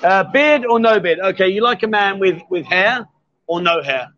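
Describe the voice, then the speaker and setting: A man's voice: sits high, animated, moderate pace, fairly bright tone, lo-fi sound. A man hosting a live stream from a bar, joking and teasing his guests in casual banter. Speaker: host.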